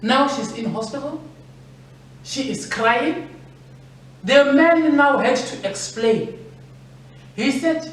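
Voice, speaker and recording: A woman's voice: high voice, takes it slowly, long pauses. A woman preaches a sermon with earnest, repetitive emphasis. She sounds distant from the mic, her voice ringing around a very echoey hall. A faint noise sits beneath her. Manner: earnest, repeating phrases for emphasis. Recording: echoey room from far off.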